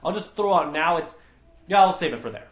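Man leading a Bible study, slightly high voice, earnest and emphatic, roomy echo. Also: lively intonation, brisk. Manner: earnest, emphatic, with frequent restarts.

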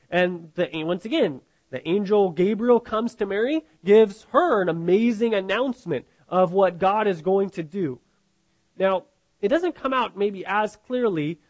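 A man preaching a sermon, teaching from scripture in a conversational way, asking the listeners rhetorical questions and often restarting his sentences. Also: high-pitched. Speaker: pastor.

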